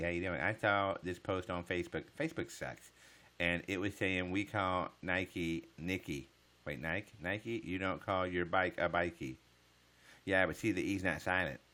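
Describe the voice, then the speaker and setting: A man's voice: low-pitched, sharp tone. A man live streaming, chatting casually with viewers in a joking, profane way.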